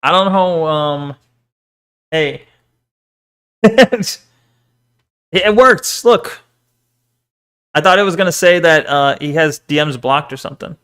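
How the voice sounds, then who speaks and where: Young guy streamer rambling at chat, self-deprecating, smooth slightly high voice. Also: slow, long pauses, a bit bright. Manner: self-deprecating, jokey, swears and laughs often. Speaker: VTuber streamer. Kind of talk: casual chat reading stream chat.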